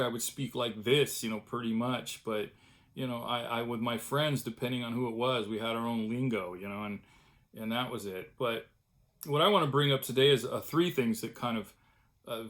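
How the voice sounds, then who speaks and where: A middle-aged man talking casually and at length in a home vlog, chatty and self-deprecating. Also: medium pitch. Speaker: vlogger, cartoonist. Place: home studio room.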